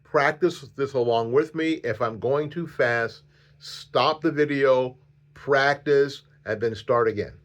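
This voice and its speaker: A man's voice: medium pitch, slow. A man teaching a flute lesson on video, patient and repetitive, counting the student in.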